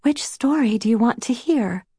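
Woman reader playing a gentle girl, soft and murmuring, a little higher than the narration, in an audiobook. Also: animated, moderate pace, slightly rough, no room sound, clean studio sound. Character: gentle soft-spoken older sister, patient.

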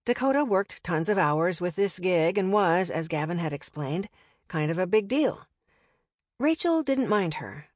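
A woman's voice: on the low side, lively intonation, measured pace, no room sound, studio quality. A woman narrating an audiobook in a wry, conversational way.

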